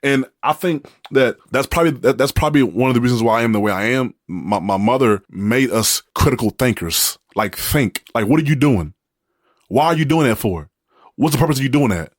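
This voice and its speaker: Man co-host, mid pitch, rambling storyteller, jokey, dry close mic. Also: lively intonation, a little fast, dry recording. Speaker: podcast co-host. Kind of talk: casual chat.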